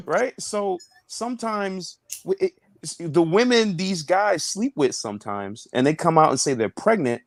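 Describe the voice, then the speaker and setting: In a casual panel discussion, a young comedian who recently became a father speaks bluntly and crudely, mocking others by imitating them in a high voice. His delivery is sing-song at a normal speed, and the recording is dry.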